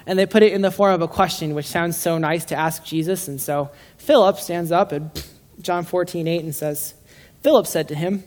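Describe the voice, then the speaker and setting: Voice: mid-range voice, fairly even intonation, normal speed, darkish tone. Casual, joking preacher with frequent restarts. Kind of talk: casual conversational sermon. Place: room with a live congregation.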